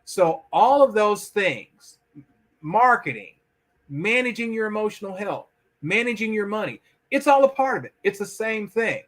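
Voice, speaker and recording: A man with a high, bright and forceful voice talks as a guest in a conversational interview. He speaks emphatically and slips into little acted-out voices when he quotes people. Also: sing-song, a little slow. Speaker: podcast guest.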